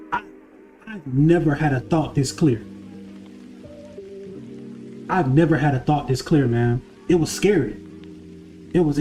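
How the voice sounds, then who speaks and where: Male creator, mellow voice sitting a bit high, casual storytelling, soft music under him. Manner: conversational, repeats phrases, asks listeners if they follow. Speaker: spiritual content creator and card reader. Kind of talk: casual personal storytelling to camera.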